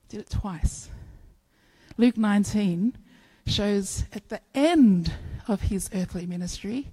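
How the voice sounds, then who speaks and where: A woman preaching a sermon, telling stories in an animated way and acting out playful bits of dialogue. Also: medium pitch, slow pace, slightly rough, poor audio.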